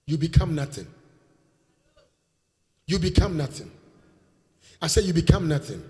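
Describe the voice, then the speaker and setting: A Nigerian man preaching a sermon in a church hall, leading call-and-response and breaking into shouts. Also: on the high side, very animated, measured pace. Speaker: pastor. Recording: reverberant church hall, faint music.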